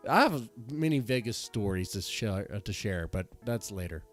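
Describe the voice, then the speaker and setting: A man's voice: fairly low pitch, lively intonation, moderate pace, faint music behind. A man hosting a live stream, reacting to a debate and greeting viewers in loose, rambling casual commentary that restarts often.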